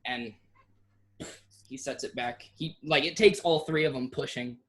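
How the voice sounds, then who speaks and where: A game master runs a tabletop game in a relaxed, joking way. The voice sits at a middling pitch and often breaks into laughter while playing the locals. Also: measured pace. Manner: casual, laughing, voices booth keepers.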